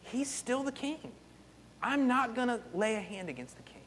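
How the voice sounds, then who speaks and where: A man's voice: very high voice, expressive, moderate pace, fairly bright tone, slight background noise, pitched above the performer's own voice. A preacher voicing a loyal young king. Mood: firm. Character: steadfast young male king, calm and loyal. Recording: long hall reverb.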